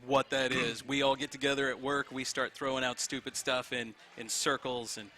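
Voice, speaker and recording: A man's voice: mid-range voice, little pitch movement, normal speed, bright, forceful tone. A man joining a podcast as a guest, joking enthusiastically and swearing freely. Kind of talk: casual bar chat.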